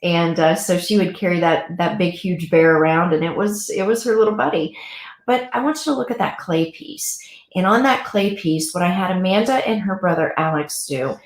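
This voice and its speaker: Animated woman in an echoey room. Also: on the low side, normal speed. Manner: warm, animated, gushing storyteller. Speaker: pet loss guide and co-host. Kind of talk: casual talk show chat.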